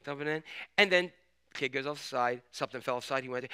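Bright-voiced male pastor preaching. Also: mid-range voice, fast, clean tone. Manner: conversational, storytelling, full of restarts. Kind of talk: sermon.

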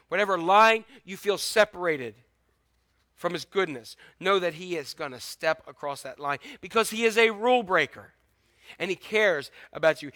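A man preaching a sermon as pastor, swinging between loud urgent exhortation and hushed, intimate lines. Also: high voice, no echo. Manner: repetitive emphatic exhortation.

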